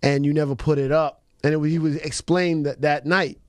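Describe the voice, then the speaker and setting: A male radio co-host chatting casually and profanely, dropping quick agreements as he tells his own story. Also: on the high side, fairly even intonation. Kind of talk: casual radio interview chat. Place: radio studio.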